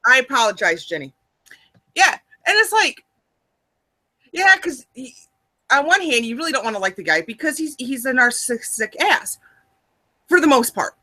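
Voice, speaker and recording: A woman with a Midwestern American accent co-hosting a casual chat, animated and laughing often. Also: high voice, moderate pace, long pauses. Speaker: co-host.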